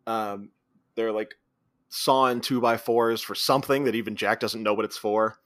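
A man's voice: on the low side, steady tone, normal speed, a bit bright, no room sound. A man co-hosting a podcast, casually recapping a film's plot scene by scene. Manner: retells scenes, quoting characters in brief voices. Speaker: podcast co-host. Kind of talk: casual movie recap chat.

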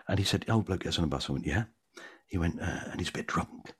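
An older man, an actor, telling anecdotes as a podcast guest in an animated way. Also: low-pitched, racing, husky. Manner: animated raconteur. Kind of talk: anecdotal storytelling.

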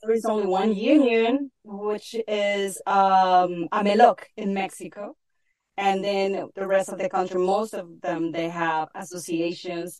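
A woman's voice: mid-range voice, darkish tone, low-quality recording. Woman from Latin America, polite, hesitant panel guest. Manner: apologetic, hesitant. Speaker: voice actor panelist.

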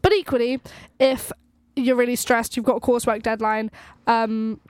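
A woman's voice: fairly high pitch, little pitch movement, normal speed, a little mellow, no echo. Chatty young woman podcast co-host. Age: young adult. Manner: chatty, frequent "like" fillers, laughs easily. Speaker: podcast co-host, student-athlete. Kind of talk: casual chat. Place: university.

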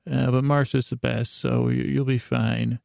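A man's voice: mid-range voice, flat delivery, unhurried, creaky, a little mellow, clean tone, no echo, clean studio sound. A man voicing a chatty, joking male ventriloquist dummy with only a top half, in a rambling, easygoing way.

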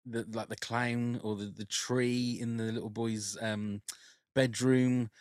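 A man's voice: medium pitch, little pitch movement, slow, no room sound. A man with a mid-range voice hosts a podcast and talks enthusiastically, with lots of "um"s and restarts. The sound is close and dry, with no room around it. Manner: enthusiastic, full of fillers and restarts. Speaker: podcast host. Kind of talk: casual podcast chat.

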